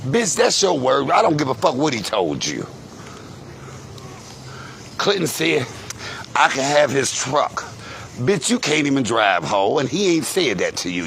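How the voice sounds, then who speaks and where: A man's voice: mid-range voice, gravelly, a little hiss or hum. A man vlogging outdoors on a phone, telling a profane, insulting rant about family. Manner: animated, cursing, insulting storytelling. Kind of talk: profane ranting monologue. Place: outdoors, walking to a grocery store.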